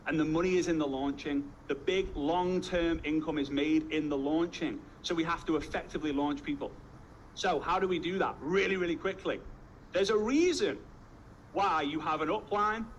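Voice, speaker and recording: A man gives a motivational talk with a fairly high voice. He tells energetic stories and drives his points home with punchy repetition. A faint noise runs behind him. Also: moderate pace, low-quality recording. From Liverpool, England. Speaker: network marketing trainer.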